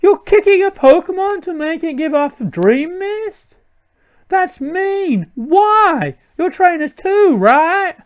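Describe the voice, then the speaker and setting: A man voicing an excitable young woman from a game, in a high squeaky put-on girl voice while reading game dialogue aloud. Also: slow, phone-quality sound, full character voice. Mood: indignant.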